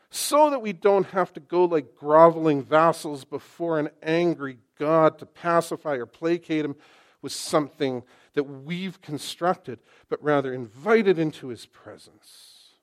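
A man preaching a sermon to his congregation, impassioned and full of rhetorical questions, swinging from loud to hushed. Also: on the high side. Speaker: pastor. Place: church sanctuary.

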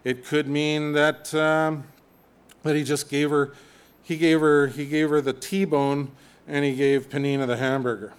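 A man preaching a sermon in a conversational, animated way, with humorous asides. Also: fairly high pitch, measured pace, clear, resonant tone.

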